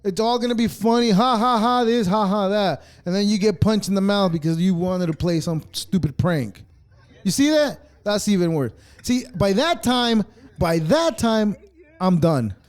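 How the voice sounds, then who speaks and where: A man with a high-pitched voice, talking at normal speed, hosts a podcast and reacts to clips. His casual rant is animated, sarcastic, and heavy with swearing.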